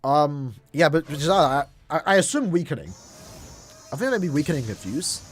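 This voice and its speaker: Young guy streaming, bit high voice, rambly chat, music going underneath. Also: very animated, normal speed, breathy edge. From Ireland. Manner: rambling, restarts often, talks to chat. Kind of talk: casual gaming livestream chat.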